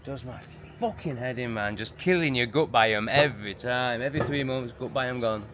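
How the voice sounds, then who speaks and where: A man with an English accent vlogging casually to a handheld camera, swearing and ranting, swinging between loud bursts and low mutters. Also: moderate pace, noisy background. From England. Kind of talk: casual vlog monologue. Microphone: handheld camera on a gimbal.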